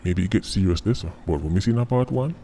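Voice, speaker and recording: A man's voice: low-pitched, lively intonation, fast talker, dark tone. A man with a Jamaican accent giving casual, mocking commentary in patois, often tagging his lines with "right?". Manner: mocking, repeating tag words like "right?".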